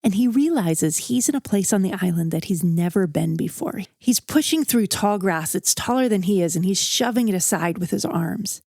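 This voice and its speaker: A woman's voice: medium pitch, expressive, normal speed, hardly any pauses, warm tone, no echo, studio quality. A woman narrating a true story in a casual, vivid, conversational way, building suspense as she goes. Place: outdoors around a campfire.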